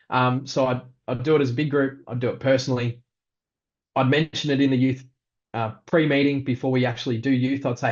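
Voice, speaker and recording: A male pastor, giving a practical leadership talk in a relaxed, conversational way with frequent ums. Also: medium pitch, normal speed, highs cut off.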